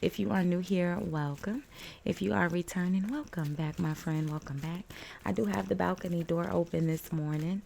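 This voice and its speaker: A woman's voice: fairly low pitch, moderate pace, gravelly, darkish tone. A woman getting over a cold, chatting casually and rambling through a tarot reading at home. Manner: rambling, chatty, fillers and little laughs. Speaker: tarot reader. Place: home room with balcony door open. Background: faint outdoor noise.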